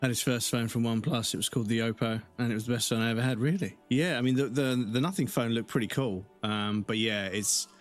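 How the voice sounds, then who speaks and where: A man's voice: medium pitch, fairly even intonation, quick pace, few pauses, soft background music. A man streaming a game, chatting casually and rambling, swearing and greeting viewers. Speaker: live streamer. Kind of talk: casual chat over gameplay.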